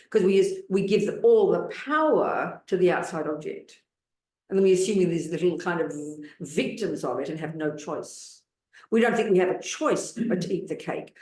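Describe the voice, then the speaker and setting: A woman's voice: on the low side, a little mellow. Blunt older woman in a roomy hall. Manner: blunt, emphatic, full of rhetorical questions. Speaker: Buddhist nun teacher. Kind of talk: Buddhist dharma talk.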